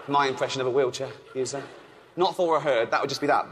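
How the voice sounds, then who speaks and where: A man from England doing a deadpan, offhand stand-up routine on stage at a charity event. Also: mid-range voice, fast talker, long reverb tail. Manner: deadpan, offhand, with frequent ums and chuckles. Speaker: stand-up comedian. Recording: noisy live venue.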